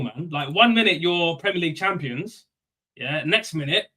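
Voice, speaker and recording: A young man hosting a casual fan live stream, reading chat and giving shout-outs in loose slang. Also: fairly high pitch, lively intonation, moderate pace.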